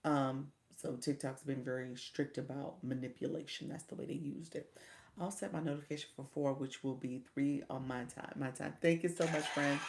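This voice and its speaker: A woman's voice: deep voice, a little mellow. A woman hosting a casual livestream, chatty and encouraging, talking straight to her viewers and saying y'all. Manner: chatty and encouraging, says y'all, mimics voices. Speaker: livestream coach and host.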